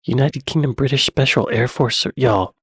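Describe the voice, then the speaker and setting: A man's voice: medium pitch, moderate pace, fairly bright tone, slightly rough, dry recording. Man, casual reaction host, dry close sound, joking chatty delivery. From United States. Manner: chatty, joking asides, laughs often.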